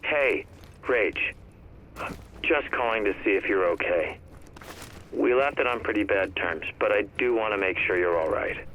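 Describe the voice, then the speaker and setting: A man's voice: on the low side, a little slow, long pauses, a bit bright, a little hiss or hum, low-quality recording. An actor playing an ordinary man in game phone recordings, talking earnestly and conversationally. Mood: concerned.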